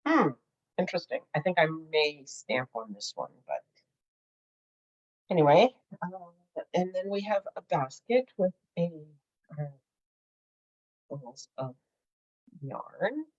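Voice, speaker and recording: A woman's voice: on the low side, big pitch swings, takes it slowly, pauses often, a little mellow, slightly rough. A middle-aged woman hosting a crafting video, chatting casually, giggling and thinking aloud as she works. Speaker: crafting channel host. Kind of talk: casual crafting tutorial chat. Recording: dull lo-fi home recording.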